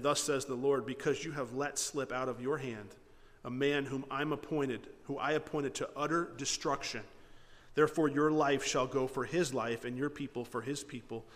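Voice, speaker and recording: A pastor with a mid-range voice preaches a sermon, reading scripture and then retelling it with animation, acting out the characters' lines in his own words. The recording has a long reverb tail.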